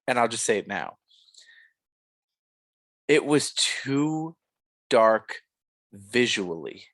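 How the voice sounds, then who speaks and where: A man's voice: medium pitch, very animated, drawn-out words, fairly bright tone, no room sound. A young man co-hosting a podcast, reviewing a film in a rambling, casual way full of fillers and restarts. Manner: rambling, filler-heavy, self-correcting. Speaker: podcast co-host.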